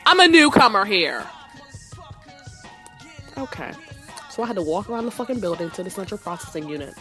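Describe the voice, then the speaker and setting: A woman telling a story in a casual, profane, animated rant, with sassy asides. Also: mid-range voice, a little fast, over music.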